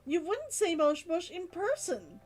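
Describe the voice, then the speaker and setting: A woman's voice: very high-pitched, wildly swooping pitch, unhurried, soft background music. A woman streamer chatting casually on a live stream, musing aloud and reading out chat comments.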